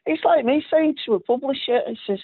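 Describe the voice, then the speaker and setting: A man's voice: very high voice, fairly quick, no echo. A man chatting casually about football, often tacking tag questions onto his sentences. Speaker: football podcast guest. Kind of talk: casual chat. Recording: tinny phone-like line.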